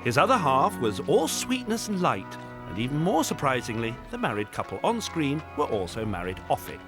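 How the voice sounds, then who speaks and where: Guy doing wry documentary voiceover with music under it, lively up and down delivery. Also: medium pitch, normal speed. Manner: wry, playful. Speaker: documentary narrator. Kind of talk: scripted narration.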